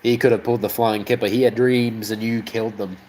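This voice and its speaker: A man's voice: fairly low pitch, fairly even intonation, fairly quick, darkish tone, slight background noise, rough recording. An Australian man streaming casually, rambling, swearing often and chuckling as he chats with viewers. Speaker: livestreamer. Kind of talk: casual livestream chat.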